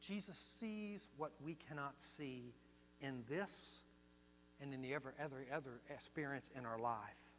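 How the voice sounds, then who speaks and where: An older man preaching a sermon as pastor, telling stories and swinging from hushed to loud. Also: a little high. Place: church sanctuary. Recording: long hall reverb with mains hum.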